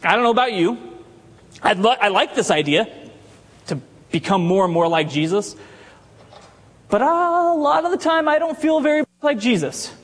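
A man preaching a sermon in a church, his voice pitched high above most men's. He keeps it conversational, asking the congregation questions as he goes. The sound rings with the long reverb of the sanctuary. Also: lively intonation, moderate pace, pauses often. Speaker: pastor.

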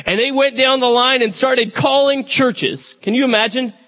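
A man's voice: extremely high pitch, moderate pace, pushed and bright. A man, the church's pastor, chatting to the congregation as he introduces a guest speaker. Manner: conversational, addresses the crowd directly.

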